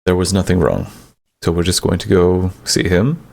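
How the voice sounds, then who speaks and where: A man playing a tabletop game, slow and reassuring. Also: deep voice, steady tone, vocal fry, darkish tone. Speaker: player. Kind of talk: casual tabletop play.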